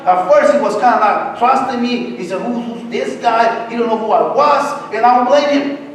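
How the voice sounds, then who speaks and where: Man, very high voice, halting church testimony, stumbles and repeats words; echoey hall from a distant mic. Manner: halting, repeats words often while searching for them. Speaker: church speaker sharing a testimony. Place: church sanctuary.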